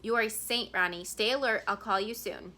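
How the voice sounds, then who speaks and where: A woman doing an urgent, hushed businessman. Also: mid-range voice, a little fast, close to an everyday voice. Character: tired, driven male businessman on a plane.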